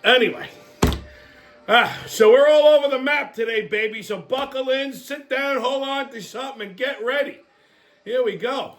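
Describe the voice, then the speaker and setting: A man's voice: very high-pitched, moderate pace, a bit bright, faint music behind. A man hosting, delivering a blunt, profane comedic rant. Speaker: host.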